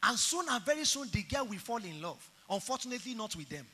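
A man's voice: high-pitched, fast talker, in a large hall, slight background noise. A middle-aged Nigerian man preaching a sermon, telling stories animatedly and acting out the dialogue. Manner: animated storytelling, acts out dialogue.

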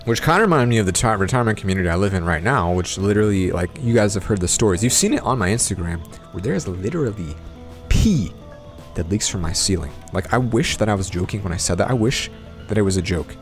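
A young man giving casual let's-play commentary on a game, excitable and exasperated, rambling on between hushed mutters. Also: fairly low pitch, fast. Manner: drops to hushed, whispery mutters while sneaking. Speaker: gaming YouTuber. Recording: game music playing underneath. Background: game music.

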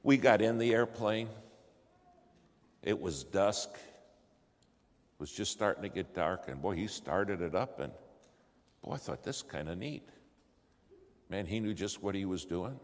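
A man telling a story in a sermon, acting out the dialogue and swinging from hushed asides to loud exclamations. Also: sits low, animated, measured pace, long pauses. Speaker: preacher telling a testimony. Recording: long hall reverb, faint ambience.

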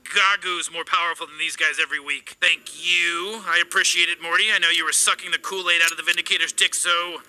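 A man's voice: high voice, steady tone, fairly quick, hardly any pauses, bright, forceful tone, slight background noise, full character voice, poor audio. A man voicing a cranky, arrogant old genius scientist grandpa who rants insults and stammers on repeated words. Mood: scornful.

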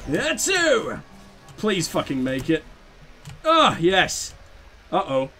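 Man, let's play host, excitable, swearing, self-mocking, wildly swinging pitch. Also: takes it slowly, soft background music. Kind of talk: video game commentary.

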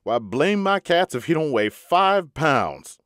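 A man's voice: on the high side, sing-song, slow, a bit bright, no echo, studio quality, voice pushed up, heavily acted. A man reading a frontier gambler who talks in a casual, folksy drawl. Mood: puzzled. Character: boastful frontier gambler, man, easygoing and proud.

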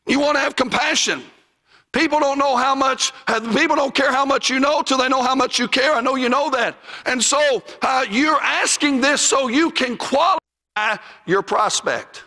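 A man's voice: very high voice, normal speed, pushed and bright, in a large hall. A man with a Southern US accent, teaching evangelism in a church in a folksy, emphatic sermon style, now and then raising his voice. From Southern United States.

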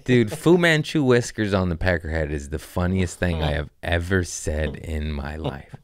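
A man's voice: low-pitched, expressive, moderate pace. Loose, jokey man around forty. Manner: loose, jokey, profane, riffing off the cuff. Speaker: comedian podcast host. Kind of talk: rambling casual chat.

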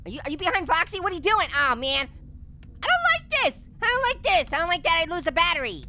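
A man voicing a hyper, wisecracking male talking orange who hosts a cartoon gaming let's-play, with punning, jumpy, giggly commentary and a squeaky voice. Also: expressive, racing, noisy background. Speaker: gaming host.

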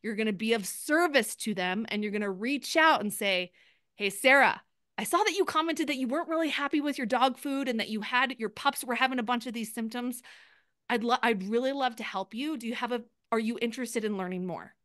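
A woman coaching a group on a live video call, energetic and chatty, often restarting her sentences. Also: fairly high pitch, brisk, no room sound, clean studio sound. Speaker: sales coach.

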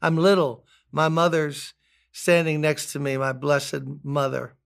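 Older man, pastor, sermon, high voice, unhurried, emphatic, repetitive. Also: fairly even intonation, vocal fry, smooth. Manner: emphatic, repeats key words, rising to high pitch on appeals.

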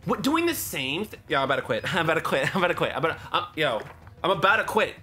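A young gaming commentator with a high, bright voice that swings widely in pitch. He spectates other players and curses them out as garbage, repeating warnings again and again. His delivery is loose and full of profanity. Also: sing-song, very fast, faint music behind. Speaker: gaming YouTuber.

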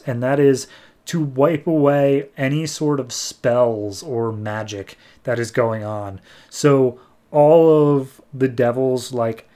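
Young man, podcast host, casual comic recap, animated, quick character voices. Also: medium pitch. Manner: animated, slips into quick character voices when retelling dialogue.

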